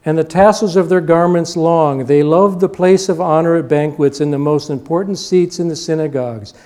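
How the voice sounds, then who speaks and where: Emphatic older male preacher with a mellow voice. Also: on the high side, normal speed. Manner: emphatic, repeating short punchy lines. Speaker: pastor. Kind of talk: sermon.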